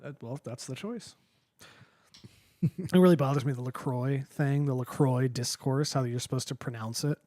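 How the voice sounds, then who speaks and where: A man co-hosting a casual podcast chat, teasing and dropping quick wry jokes. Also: mid-range voice, mellow, no room sound, studio quality. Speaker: podcast co-host.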